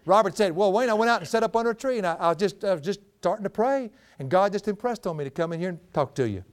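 A man's voice: sits high, lively intonation, fast talker. A middle-aged man with a drawl preaching a folksy storytelling sermon, often breaking into laughter.

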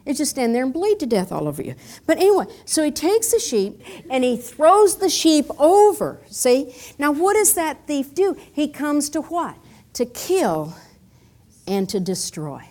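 An animated woman teaches a Bible lesson with props, her high voice swooping widely as she acts out scenes. She keeps it playful with chuckling asides. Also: unhurried.

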